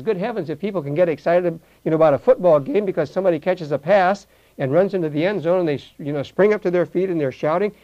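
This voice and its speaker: An older man teaching verse by verse through a Bible passage, animated and acting out the voices in the story. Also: sits high, dull audio. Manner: animated, acts out voices, repeats words.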